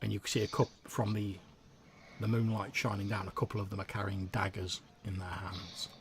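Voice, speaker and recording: Gravelly-voiced man running a tabletop game. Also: fairly low pitch, level tone, a little hiss or hum. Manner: measured, descriptive narration. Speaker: game master.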